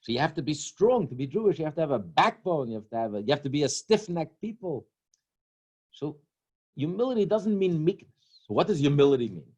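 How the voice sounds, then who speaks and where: Man, rabbi, sermon, lively storyteller, a bit high-pitched, acts out jokes. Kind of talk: sermon with humorous stories.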